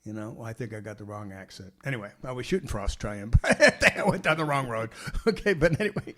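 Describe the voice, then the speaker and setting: An older man explains ideas to his listeners in loose, informal talk. He is blunt and plain-spoken, and he keeps asking whether you follow him. His voice sits at an ordinary pitch for a man. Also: animated, fast talker, a bit bright. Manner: conversational, tags points with "see?" and "you know"; casual and blunt, laughs easily. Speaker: teacher hosting his podcast.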